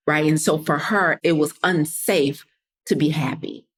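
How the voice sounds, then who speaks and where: Her voice is low-pitched and steady, the pace a little slow, as this podcast host and coach chats directly with her audience on a laid-back motivational show. She says y'all and drops into quoted voices to reenact what others told her.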